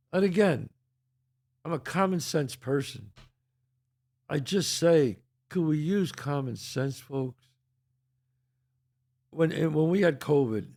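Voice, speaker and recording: An older American man rants on his own show in a high, gravelly voice that swings widely up and down. He is emphatic and profane, hammering his points with rhetorical questions. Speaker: podcast host. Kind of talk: heated solo monologue.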